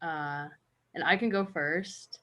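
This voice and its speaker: A woman's voice: low voice, slow, a bit bright. A young woman hosting a podcast, emotional and affectionate as she talks with her mother. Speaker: podcast host. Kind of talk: casual chat.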